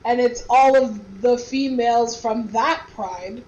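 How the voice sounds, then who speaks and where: Animated woman retelling a story. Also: on the high side, slow, dull audio. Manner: animated storyteller, swears casually. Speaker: friend retelling a movie. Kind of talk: casual chat while gaming. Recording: roomy sound with game music.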